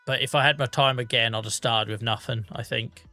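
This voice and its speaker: Bright-voiced man chatting on stream. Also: medium pitch, steady tone, fairly quick, faint music behind. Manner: chatty, self-mocking, reads out viewer comments. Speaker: livestream host. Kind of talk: casual chat with viewers while gaming.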